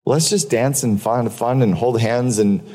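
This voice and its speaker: This keynote speaker talks a little slowly in a mellow, mid-range voice. Before a live audience, he mixes storytelling with blunt, profane business advice, repeating points for emphasis as the hall's long reverb rings out.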